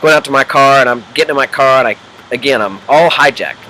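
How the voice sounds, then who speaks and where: Speaking fast in a bright, pushed mid-range voice, a Midwestern executive life coach addresses the viewer in a casual unedited video. He checks in often and voices the quotes and inner chatter in his examples. A bit of hiss or hum marks the low-quality recording.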